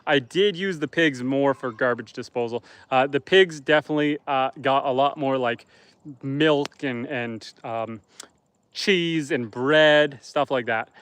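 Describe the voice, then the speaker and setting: A man's voice: mid-range voice, a little slow, fairly bright tone, clear, resonant tone. A man from Canada, a homesteader, chatting casually on a livestream outdoors by a campfire, reading viewer comments aloud and answering them.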